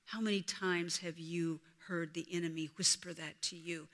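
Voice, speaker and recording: A woman preaching a sermon as a story, swinging from hushed whispers to loud, emphatic peaks. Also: on the low side, fairly even intonation, moderate pace, few pauses. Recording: reverberant hall.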